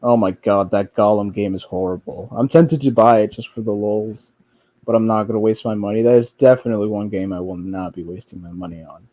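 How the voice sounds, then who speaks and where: Rambling, profane man with a mellow voice. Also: on the low side, fairly even intonation, brisk, no room sound. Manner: profane, rambling, with frequent restarts and fillers; mocks others by quoting them in a whiny voice. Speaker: streamer commenting on online drama. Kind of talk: casual rambling commentary.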